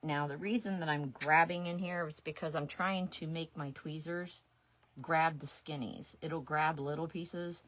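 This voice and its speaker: A woman's voice: low voice, fairly even intonation, measured pace, fairly bright tone. A woman in her sixties chatting casually on a craft livestream, talking to herself as she works. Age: 60s. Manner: chatty, talks to herself while working. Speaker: resin artist streaming live.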